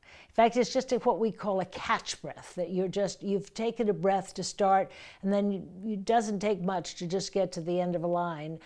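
A woman's voice: mid-range voice, normal speed, darkish tone. Woman coaching breath in verse speaking. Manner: explains plainly, reads verse lines aloud with force. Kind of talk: teaching verse speaking with readings.

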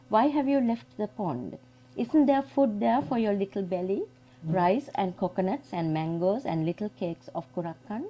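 Woman giving a keynote talk, lowish voice, explains carefully, stops to find the right word. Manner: explanatory, reads extracts aloud, searches for words. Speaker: keynote speaker. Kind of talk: academic lecture.

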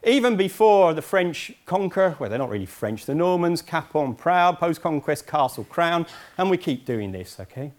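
An English-accented man from Essex lecturing in a hall, his voice sitting a little higher than most men's. He talks in a chatty, loose way and drops in wry asides as he goes. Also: sing-song, normal speed. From Essex, England. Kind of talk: university lecture.

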